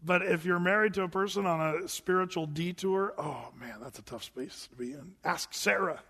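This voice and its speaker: A man preaching a sermon as a pastor, conversational and animated, with casual asides. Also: sits high, normal speed. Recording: long hall reverb.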